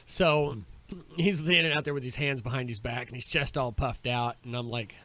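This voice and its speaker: A man's voice: medium pitch, steady tone, normal speed, bright, forceful tone. Profane rambling podcast co-host, man. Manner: profane, rambling, laughs often, puts on voices. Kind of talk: casual podcast chat.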